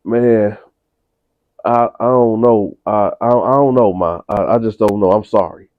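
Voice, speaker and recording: A man voicing a guilty stammering son, low mumbling voice, dry tinny recording. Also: measured pace, no room sound, natural voice. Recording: tinny phone-like sound.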